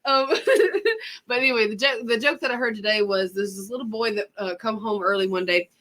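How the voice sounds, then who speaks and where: A woman's voice: on the high side, normal speed, a bit bright. A woman co-hosting a casual podcast, teasing her partner bluntly and giggling often. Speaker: podcast co-host.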